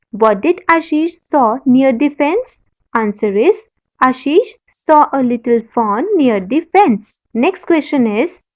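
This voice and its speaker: A woman teacher with an Indian English accent reads a story passage to young pupils, explains words and spells them out letter by letter. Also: sits high. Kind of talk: classroom lesson, reading a passage and spelling words.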